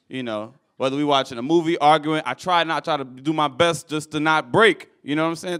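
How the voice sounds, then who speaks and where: Animated young man doing stand-up. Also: clear, resonant tone. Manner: animated, acts out characters with shouted high voices. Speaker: stand-up comedian. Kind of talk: stand-up comedy set. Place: comedy club stage. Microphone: handheld stage mic.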